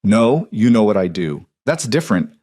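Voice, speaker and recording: A man voicing a dangerous, guarded young mafia boss with a low, restrained, confessional delivery. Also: sing-song, normal speed, darkish tone, no room sound, studio quality.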